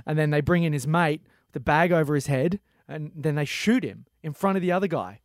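A young man co-hosting a radio podcast, excitable and rambling, joking his way through casual chat. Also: fairly high pitch, fairly quick, no echo, studio quality. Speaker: podcast co-host.

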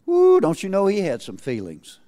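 A man preaching a sermon to a congregation, swinging between loud calls and hushed asides and asking rhetorical questions. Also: on the high side, animated, normal speed.

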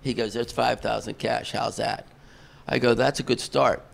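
An older man, a concert promoter, tells a long, rambling backstage story full of fillers and restarts. His mid-range voice is gravelly with fairly even intonation and a moderate pace, over slight background noise.

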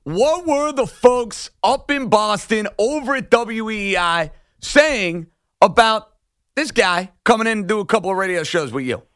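A man with a thick New York accent hosting a sports radio show, energetic and emotional. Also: sits high, a little slow, dry recording, clean studio sound. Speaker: radio host.

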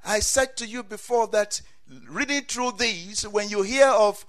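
A man preaching a sermon, swinging from quiet asides to loud cries and saying amen often. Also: high-pitched, unhurried.

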